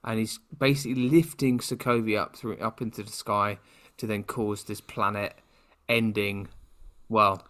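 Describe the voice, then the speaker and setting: A man's voice: fairly low pitch, flat delivery, unhurried, a bit bright. A man with a British accent co-hosting a podcast, chatting casually in a rambling, playfully sarcastic way. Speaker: podcast co-host. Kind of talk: casual chat.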